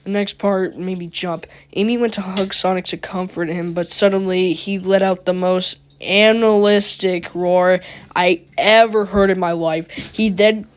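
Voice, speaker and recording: A woman's voice: lowish voice, fairly even intonation, measured pace. A woman reading a creepypasta casually, giggling and breaking off to comment on the story. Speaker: creepypasta narrator.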